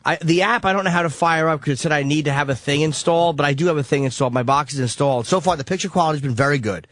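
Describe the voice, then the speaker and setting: A man's voice: fairly high pitch, rapid-fire, fairly bright tone, no echo. A man co-hosting a radio show, chatting bluntly and making crude jokes. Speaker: radio co-host. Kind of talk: casual radio banter.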